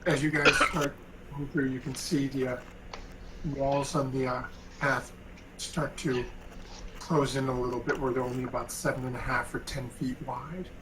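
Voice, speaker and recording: Halting male game master. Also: mid-range voice, little pitch movement, heavy background noise. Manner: halting, many ums and uhs. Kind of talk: narrating a tabletop game.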